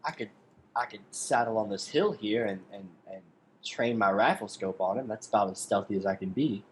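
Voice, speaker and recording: A man playing a tabletop game, quick and chatty, stammering when unsure. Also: fairly low pitch, slight background noise, poor audio. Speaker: player. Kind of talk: casual tabletop play.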